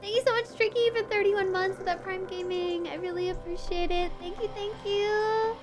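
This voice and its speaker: A woman's voice: very high voice, steady tone, normal speed, over music. Bubbly woman streamer thanking viewers. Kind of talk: casual livestream chat.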